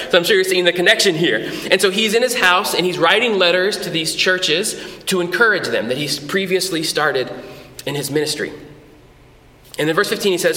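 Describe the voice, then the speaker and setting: A man preaching a sermon as a pastor, conversational and animated, with frequent restarts, in a church. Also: fairly high pitch. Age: adult with a son. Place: church hall. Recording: echoey church hall with long reverb.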